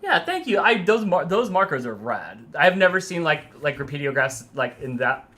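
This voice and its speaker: Low-voiced animated woman rambling. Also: normal speed. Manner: rambling, animated, trips over words. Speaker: co-host of a painting stream. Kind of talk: casual chat while unwrapping gifts.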